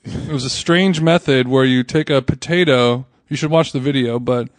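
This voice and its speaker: A man's voice: mid-range voice, normal speed, no room sound. A man hosting a casual food podcast, rambling and laughing often as he talks. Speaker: podcast host. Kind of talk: casual chat.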